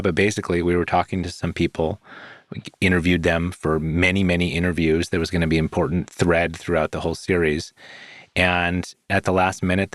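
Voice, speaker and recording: A man co-hosts a podcast in an easygoing way. His voice is very deep, and he fills his sentences with casual asides. The recording is dry and close. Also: dry recording. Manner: conversational, leans on "you know". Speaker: podcast co-host. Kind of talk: casual chat.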